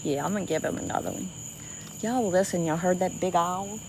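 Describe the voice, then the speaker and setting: A woman hosting a nighttime livestream by a swamp river talks a little fast in a voice on the low side, against a noisy background. She's from South Louisiana with a Cajun accent, casually chatting with viewers, quick to laugh, with plenty of restarts and "y'all."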